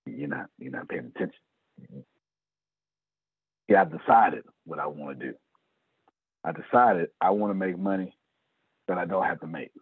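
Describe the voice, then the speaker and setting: A middle-aged man giving an animated business pep talk to his team, acting out conversations in shifting voices. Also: low-pitched, moderate pace, pauses often, husky, dry recording, narrow, tinny audio.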